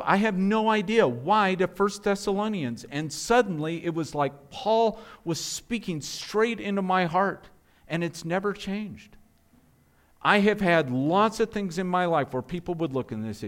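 Earnest male pastor preaching, raised pitch. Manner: earnest preaching with rhetorical questions and frequent restarts. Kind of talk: sermon.

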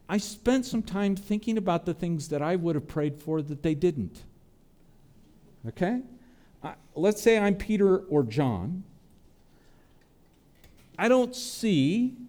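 A male pastor delivers an earnest sermon in a mellow, warm voice that sits a little higher than most men's. He sinks into soft, low tones on tender passages and rises again when he prays aloud. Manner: earnest preaching, voice dropping low and soft then rising on prayers.

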